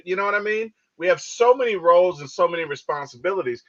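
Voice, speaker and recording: A man co-hosting a podcast, chatting casually about a movie and telling stories with lively acted-out quotes. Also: high voice, fast. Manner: animated storytelling, acts out quotes. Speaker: podcast co-host. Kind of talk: casual movie review chat. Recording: dull lo-fi audio.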